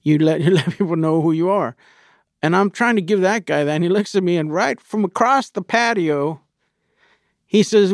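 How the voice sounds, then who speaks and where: A man's voice: high-pitched, normal speed, no room sound, studio quality. A man as an interview guest, telling a personal story candidly and with profanity, acting out his own inner thoughts.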